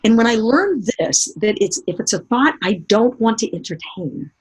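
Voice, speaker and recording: A middle-aged woman speaker giving a motivational seminar talk, telling lively stories and asking the audience direct questions. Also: fairly high pitch, normal speed, husky. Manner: animated storytelling, acting out remembered voices.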